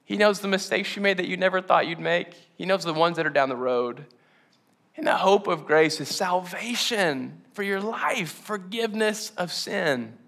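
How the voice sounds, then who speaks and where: A man's voice: sits high, normal speed, vocal fry, fairly bright tone. A young male pastor giving a candid, conversational sermon that builds to impassioned emphasis. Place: church auditorium.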